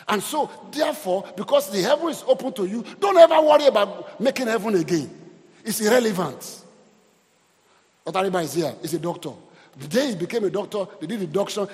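A male pastor preaching an animated sermon and calling out for responses from the congregation. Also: high-pitched, long reverb tail.

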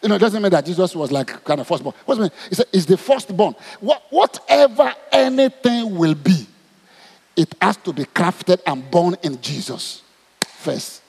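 The preacher's voice is high-pitched with vocal fry and a breathy edge, moving at a moderate pace in a Nigerian accent. He animatedly fires questions at the congregation, and a long hall reverb surrounds him.

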